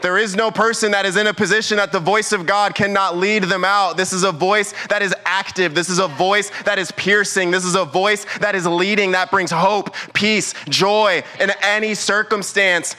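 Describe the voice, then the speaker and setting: A man's voice: high-pitched, fairly even intonation, moderate pace, few pauses, pushed and bright. A young man, a youth pastor, preaching a sermon in church with emphatic, repeated rhetorical questions.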